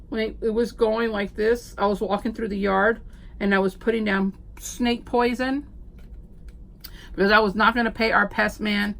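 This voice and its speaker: A middle-aged woman, a homeschooling mom telling stories in a chatty, animated vlog. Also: mid-range voice, a little hiss or hum. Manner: chatty, animated storyteller with frequent fillers. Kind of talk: casual chat.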